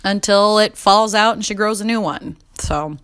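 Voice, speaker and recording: A woman's voice: medium pitch, normal speed, fairly bright tone, clean tone. A young woman in her twenties telling funny mom-fail stories in a casual confessional chat, laughing often and swearing freely. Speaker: mom vlogger.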